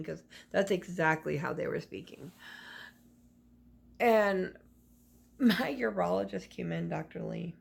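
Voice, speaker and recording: A woman's voice: medium pitch, expressive, unhurried, creaky, long pauses. A woman vlogger speaking into her phone camera, telling a personal story in a rambling, confiding way with many restarts.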